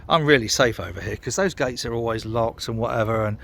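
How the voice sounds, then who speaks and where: A man's voice: medium pitch, fairly quick, creaky, fairly bright tone, a little hiss or hum. Sweary, rambling British man ranting outdoors. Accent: British English. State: tipsy after a beer. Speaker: vlogger. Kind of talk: casual outdoor vlog rant. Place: outdoors by a canal towpath.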